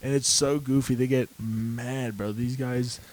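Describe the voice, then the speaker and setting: A young man co-hosting a podcast, telling laid-back stories in casual chat and mimicking other people in higher voices. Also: fairly even intonation, unhurried, darkish tone, low-quality recording. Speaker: podcast co-host.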